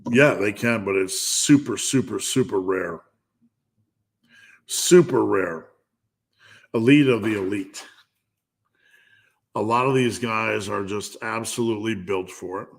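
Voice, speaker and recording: A middle-aged strength coach with a lowish voice and moderate pace hosts a live Q&A. Reading questions from viewers, he answers with blunt, playful lifting advice, restarting his sentences frequently.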